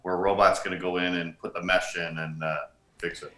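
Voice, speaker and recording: Bright-voiced middle-aged man in an echoey room. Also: low voice, brisk. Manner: steady, recounting details and dates. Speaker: co-host and bodybuilding historian. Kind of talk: casual conversational chat.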